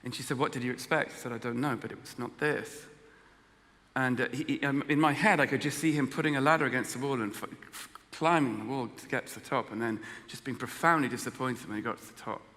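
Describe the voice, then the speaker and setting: English man telling his story, bright voice. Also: mid-range voice, in a large hall. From England. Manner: storytelling, self-deprecating humor, halting restarts. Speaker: guest speaker. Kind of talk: personal testimony talk.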